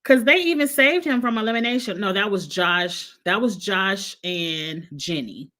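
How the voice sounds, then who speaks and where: A woman's voice: a little high, measured pace, fairly bright tone. A woman hosting a casual live-chat recap show, talking in a blunt, gossipy, opinionated way. She is a bit congested from allergies and coughs now and then. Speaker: host.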